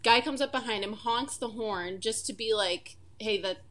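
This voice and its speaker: A woman's voice: fairly high pitch, moderate pace, bright, forceful tone. A woman on a podcast telling casual stories, laughing as she goes and swearing freely. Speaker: podcast guest. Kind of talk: casual storytelling chat.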